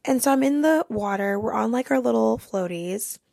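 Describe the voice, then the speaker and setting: A woman's voice: a little high, animated, normal speed, vocal fry, a little mellow, no echo, clean studio sound. A young woman hosting a podcast, telling a funny story casually and laughing through it. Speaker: podcast host.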